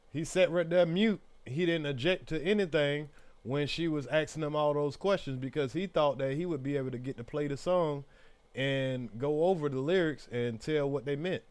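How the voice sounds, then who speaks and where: A man's voice: fairly high pitch, normal speed, darkish tone, clear, resonant tone, dry recording. A man hosting a live stream, giving opinionated, conversational commentary on a trial. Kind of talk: casual commentary.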